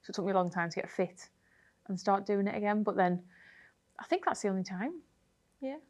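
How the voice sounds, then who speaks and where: A woman, a triathlete guest telling a race story in a chatty, animated way full of fillers. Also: mid-range voice, a little fast. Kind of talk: casual interview storytelling.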